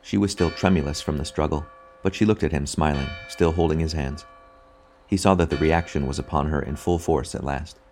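A man narrating a novel as an audiobook in a measured, even reading. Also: very deep voice, soft background music. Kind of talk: scripted narration.

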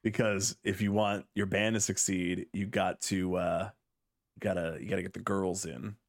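A man's voice: low voice, flat delivery, normal speed, gravelly. A man in his thirties co-hosting a podcast, rambling and wry with lots of fillers. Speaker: podcast co-host. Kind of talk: casual chat.

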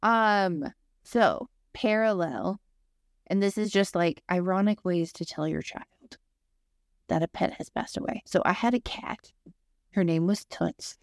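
Young adult woman, podcast co-host, low gravelly voice, rambling casual storyteller, dry close mic. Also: measured pace, no echo. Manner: rambling, digressive storyteller with lots of fillers.

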